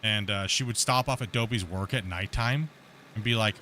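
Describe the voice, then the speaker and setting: With a fairly low voice at normal speed, this live stream host spins an animated, meandering anecdote in casual voice chat, full of fillers and restarts. A little hiss or hum is audible.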